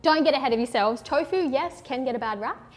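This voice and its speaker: A woman with a fairly high voice. She talks upbeat and direct while she cooks and tastes, with soft music under her. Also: fairly quick. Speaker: chef cooking and tasting. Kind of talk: casual cooking demo.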